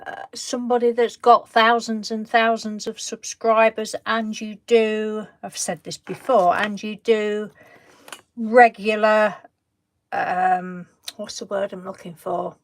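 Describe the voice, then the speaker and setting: Slow, chatty woman hosting a craft stream. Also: mid-range voice, level tone. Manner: chatty, greets and answers viewers from the live chat; gentle and reassuring, trails off and restarts sentences. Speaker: craft live-stream host. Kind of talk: casual live-stream chat while crafting.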